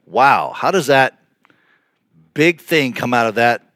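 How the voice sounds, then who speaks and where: Chatty pastor, dry close sound. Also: male voice, medium pitch, slow, no echo. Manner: conversational, animated with playful asides. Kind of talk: podcast sermon.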